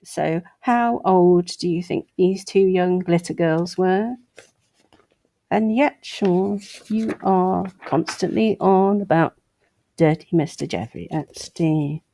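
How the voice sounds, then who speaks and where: A woman hosts her own show, reading an article aloud and breaking off between passages for sarcastic asides. Her voice is lowish and dark in tone, and she reads at a slow pace.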